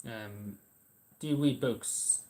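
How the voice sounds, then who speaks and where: A man's voice: mid-range voice, takes it slowly, warm tone. An Irish man chatting casually on a livestream, answering viewers' messages in a rambling, hesitant way with lots of ums and restarts.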